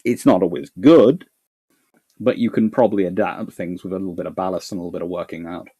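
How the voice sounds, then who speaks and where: A man's voice: low voice, steady tone, fast, dark tone, slightly rough. A male history host answering viewer questions live, thinking aloud with restarts and repeated words. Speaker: naval history channel host.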